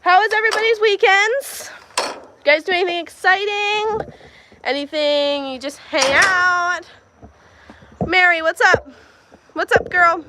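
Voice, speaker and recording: A woman's voice: very high voice, a little slow, noisy background. A woman hosting a casual livestream while doing farm chores, chatting to viewers, talking to her animals and laughing often, recorded on a handheld phone in a farmyard and barn. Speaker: livestream host.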